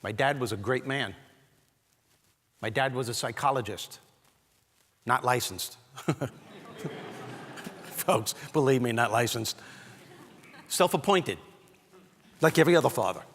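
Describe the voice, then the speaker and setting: A man from Brooklyn, giving a comedic motivational keynote with animated, punchy storytelling. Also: medium pitch, unhurried, long pauses, in a large hall. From Brooklyn, New York. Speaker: keynote speaker. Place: large hall, on stage.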